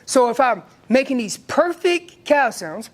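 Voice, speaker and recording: A man with an American accent teaching an elk calling seminar, lively and acting out what the elk would say. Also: very high-pitched, measured pace, heavy background noise. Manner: animated, acts out elk calls and voices. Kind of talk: hunting seminar talk.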